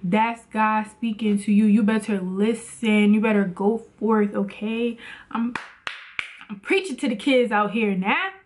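A woman's voice: medium pitch, unhurried, a little hiss or hum. A woman vlogging in a casual motivational talk about faith, chatty and preachy, with lots of "like".

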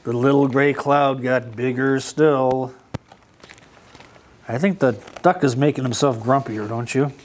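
A man with a medium-pitched voice, speaking a little slowly, does a children's storytime read-aloud of a picture book in a library. He's lively and keeps asking the kids questions, and the recording carries a little hiss or hum.

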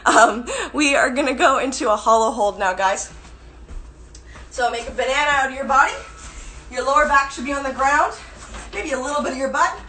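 A woman's voice: high voice, fairly quick, bright, forceful tone, a little hiss or hum. A woman fitness instructor leading a live-streamed workout class, counting reps aloud and cueing form, out of breath at times. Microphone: phone camera at a distance. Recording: echoey room voice from a distance.

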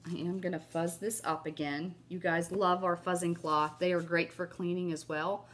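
A woman's voice: fairly low pitch, steady tone, normal speed. A woman hosting a casual crafting tutorial. She talks in a gushing, chatty way and has a cough. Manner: gushing, chatty, keeps saying "you guys" and "oh my gosh". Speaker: craft video host.

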